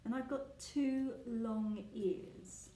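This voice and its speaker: Slow, patient woman teacher. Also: fairly high pitch, mellow, slight background noise. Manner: slow, patient, asks the listener questions. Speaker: children's teacher. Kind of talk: guessing game for young children. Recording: echoey room.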